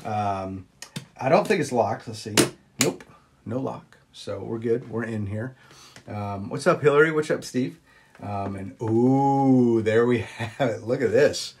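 A man's voice: unhurried, darkish tone. Chatty man showing off magic props. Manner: chatty, greets viewers, jumps up high on exclamations; frequent ums and uhs. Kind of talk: casual live-stream chat.

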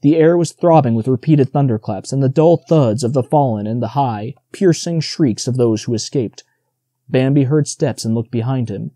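Male audiobook narrator, very dark mellow tone, dry close sound, measured storybook reading. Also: medium pitch, no room sound.

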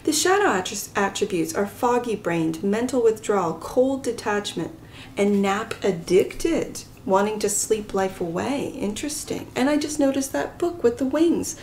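A gentle, soft-spoken woman giving a pick-a-card tarot reading to her viewers, sometimes dropping to a whisper. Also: on the high side, animated, measured pace, slight background noise. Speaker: tarot reader.

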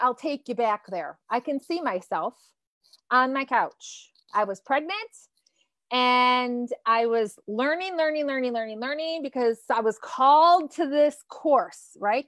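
A woman's voice: sits high, a bit bright, no room sound, clean studio sound. A woman in her thirties, a nutrition coach on a live stream, talking casually and swearing freely as she reads out viewer comments.

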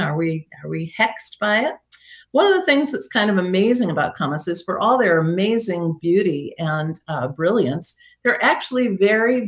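A woman hosting a live science program from home over a video call, chatty and given to wry, self-mocking jokes. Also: on the low side. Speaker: science show host. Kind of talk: live remote science presentation.

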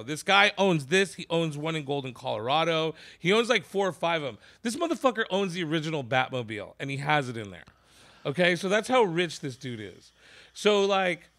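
A man hosting a podcast, telling a long comedy anecdote in a casual, profane way and acting out the people in it. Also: on the high side. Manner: animated, profane, acts out voices in his stories. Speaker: podcast host. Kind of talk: casual storytelling.

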